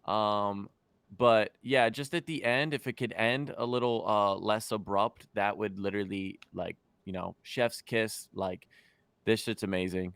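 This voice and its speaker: A man's voice: on the low side, fairly even intonation, measured pace, fairly bright tone, smooth, dry recording. Laid-back man, loose livestream banter. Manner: loose, filler-heavy, tells dad jokes. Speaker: co-host reviewing music. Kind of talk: casual livestream chat.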